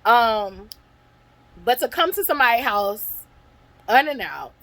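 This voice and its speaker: A woman vlogger telling a personal story in a casual storytime monologue, blunt, profane and animated. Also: fairly high pitch, unhurried, poor audio.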